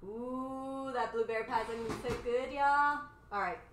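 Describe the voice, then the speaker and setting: A woman's voice: on the high side, unhurried, a bit bright, slight background noise. A woman hosts a live home cooking show, chatting playfully and rambling while she cooks. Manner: playful, rambling, laughs at own jokes. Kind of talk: casual live cooking chat.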